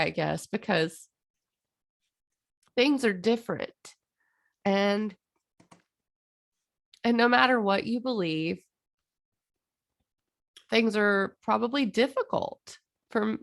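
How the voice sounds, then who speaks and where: A woman astrologer giving a heartfelt, impassioned monologue, stretching out phrases for emphasis. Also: a little high.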